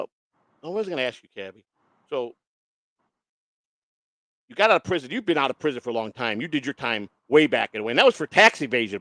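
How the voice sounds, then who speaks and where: Animated, profane male storyteller. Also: on the high side, no room sound, rough recording. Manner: profane, animated, acts out quoted voices. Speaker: host. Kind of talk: casual storytelling chat.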